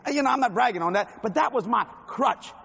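A man's voice: very high-pitched, expressive, quick pace, vocal fry, a bit bright, husky. A man with a Cajun accent preaching a folksy, joking sermon in a large hall. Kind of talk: sermon with humor and jokes.

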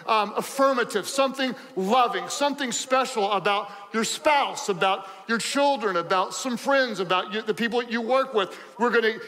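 A man preaching a sermon as pastor, animated and joking, repeating phrases for emphasis. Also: high voice, moderate pace, hardly any pauses, big-room sound, rough recording.

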